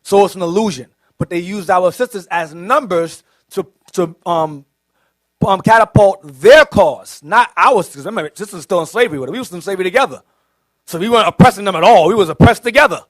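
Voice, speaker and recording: A deacon teaching a class, a man with a notably high voice. He hammers each statement and repeats himself to drive it home. The sound is close and dry. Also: fairly quick, no room sound. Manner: forceful, declarative, repeats for emphasis.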